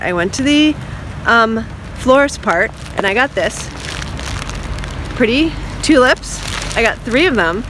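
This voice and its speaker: A woman vlogging outdoors at night in pouring rain, telling an excited, emotional story and getting choked up. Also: medium pitch. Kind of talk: casual vlog monologue. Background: rain and passing traffic.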